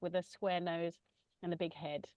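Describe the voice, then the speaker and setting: Lady chatting softly on a video call, lots of ums, lowish voice, dry muffled sound. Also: level tone, moderate pace, no room sound. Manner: gentle, hesitant with many ums. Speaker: massage teacher for children. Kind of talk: casual conversational sharing.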